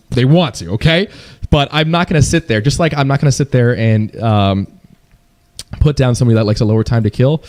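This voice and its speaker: A man's voice: on the low side, a little mellow. A young man ranting casually to his viewers as a gaming streamer, profane and repetitive, jumping into mocking voices when he quotes others. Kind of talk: casual rant to camera.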